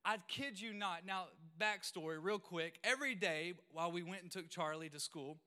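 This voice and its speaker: A man in his thirties preaching, telling animated, self-mocking stories with sudden loud exclamations. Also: sits high, normal speed, clear, resonant tone. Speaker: pastor. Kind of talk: storytelling sermon.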